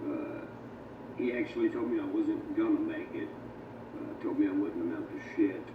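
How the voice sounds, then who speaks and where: A man's voice: on the low side, expressive, normal speed. A man telling his story in a loose, profane, rambling way. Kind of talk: documentary storytelling. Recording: tinny, noisy, echoey sound from a distance.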